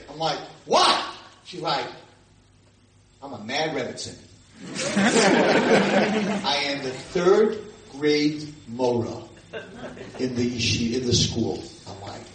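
A man telling stories to a live audience, his voice pitched a little high. He jumps into loud, shouted voices for the people in his stories. He is miked from a distance in an echoey hall with steady background noise. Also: takes it slowly. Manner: acts out quoted voices with sudden loud shouts. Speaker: rabbi lecturer. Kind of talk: animated storytelling lecture to a live audience. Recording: roomy distant room mic with noise.

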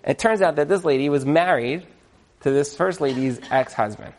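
A man speaking to an audience, telling a story in a chatty, animated way with lots of fillers and repeated words. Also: fairly high pitch, normal speed. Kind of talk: lively storytelling talk.

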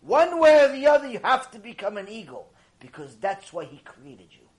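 High-voiced man giving a fiery Torah lecture. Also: sing-song, moderate pace. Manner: impassioned, exhorting, big swings between hushed and loud. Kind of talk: mussar lecture.

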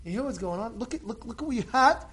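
Animated high-voiced man teaching Torah. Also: quick pace. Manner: animated, swings from quiet asides to shouted exhortations, repeats phrases; peppers speech with Hebrew blessings. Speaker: rabbi giving a Torah class. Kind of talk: informal Torah talk to a live group.

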